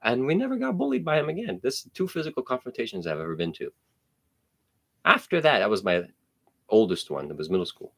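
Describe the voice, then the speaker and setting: A man's voice: medium pitch, very animated, fairly quick, creaky, a bit bright. A man in his thirties from New Jersey, telling a profane, blunt story in casual chat.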